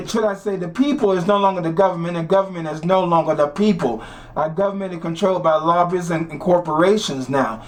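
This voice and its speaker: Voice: mid-range voice, darkish tone. A host delivering an opinion monologue in a rhetorical, repetitive way, often urging listeners to think about it. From United States. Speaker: commentary show host.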